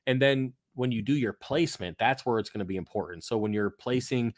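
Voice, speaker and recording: A man's voice: medium pitch, brisk, dry recording, clean studio sound. A young adult man hosting a live aquarium Q&A, chatting casually and bluntly with some swearing, his voice worn from talking. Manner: blunt, profane, rambling, self-mocking. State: losing his voice. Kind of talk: casual live-stream chat.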